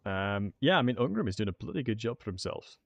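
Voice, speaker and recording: A man giving casual, excitable commentary while streaming a strategy game and talking to his chat. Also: lowish voice, quick pace, gravelly, no echo, lo-fi sound. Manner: chatty, excitable, talks to chat.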